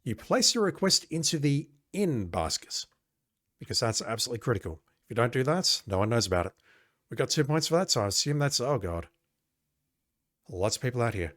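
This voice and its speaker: A man's voice: medium pitch, big pitch swings, a little fast, a bit bright. A man casually playing an old adventure game, reading its text aloud and making wry asides with occasional swearing. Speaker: let's play host.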